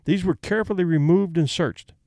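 A man narrating a story aloud in a measured, expressive reading of formal testimony. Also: sits high, no echo, studio quality. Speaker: audiobook reader. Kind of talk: scripted narration.

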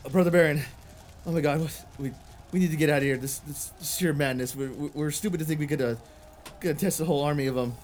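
A man voicing a terrified young male soldier who stammers and rushes his words in a tabletop game. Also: a little high, steady tone, darkish tone, faint music behind, natural voice. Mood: panicked. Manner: stammering, frantic.

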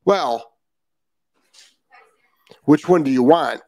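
A man's voice: medium pitch, drawn-out words, long pauses, darkish tone, no room sound. A man hosting a live dog-training show, talking bluntly and repeating his key points for emphasis. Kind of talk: live-stream talk. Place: Florida.

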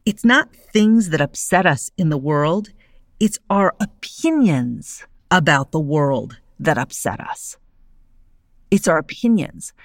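A middle-aged woman hosting a solo podcast, talking in an animated, conversational way and often checking in with "right?". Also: low-pitched, slow, no echo, clean studio sound. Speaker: podcast host. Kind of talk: solo podcast monologue on philosophy.

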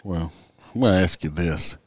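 A man's voice: sits low, normal speed, husky, dry recording. A man hosting a casual chat, teasing his guest with joking questions. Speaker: podcast host.

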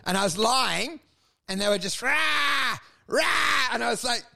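High gravelly man ranting comically. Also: a little fast. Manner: rambling, acts out scenes in high shouted voices; crude, swears often. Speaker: podcast co-host. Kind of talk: comedic podcast rant.

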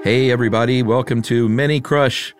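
A man's voice: medium pitch, fairly even intonation, a little fast, over loud music. A middle-aged man hosting a podcast in laid-back, teasing casual chat. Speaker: podcast host.

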